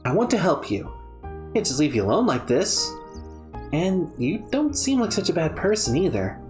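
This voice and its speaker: A woman voicing a gentle, caring young woman who speaks in a soft, sincere way. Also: fairly low pitch, very animated, moderate pace, soft background music. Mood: earnest.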